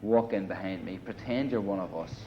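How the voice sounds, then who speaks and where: A man's voice: sits low, a little fast, slight background noise. A man casually telling a long war story in a grungy apartment, rambling and profane, with lots of "you know" and "right.". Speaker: interviewee telling war stories. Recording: dull lo-fi 1980 film audio.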